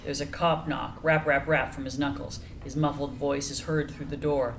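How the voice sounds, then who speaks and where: Woman reading scene directions, low steady voice, faint hiss. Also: moderate pace, vocal fry, low-quality recording. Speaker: narrator. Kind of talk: reading screenplay action lines.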